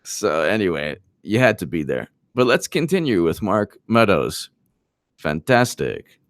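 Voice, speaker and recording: Man, commentary host, lively rambling delivery, dry close sound. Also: sits low, measured pace, no echo. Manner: rambling, animated, self-interrupting. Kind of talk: livestream commentary.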